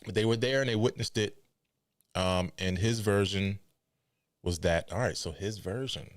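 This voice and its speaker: A man with a somewhat low voice talks through wrestling news on his podcast. He is close to a dry mic with no room sound. His delivery is casual and animated, often incredulous. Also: normal speed, no echo. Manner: animated, incredulous, mock quoting.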